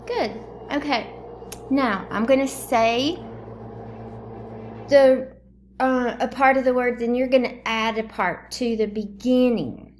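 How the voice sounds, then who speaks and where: Slow, deliberate woman teacher. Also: on the high side, a little hiss or hum. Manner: slow, drawn-out word prompts. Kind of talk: phonemic awareness drill. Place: home kitchen.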